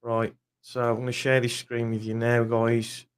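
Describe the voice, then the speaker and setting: Angry young man, blunt and sweary, fan vlog rant, mid-pitched voice. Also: monotone, normal speed, over a noisy crowd, heavy background noise. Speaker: football fan vlogger.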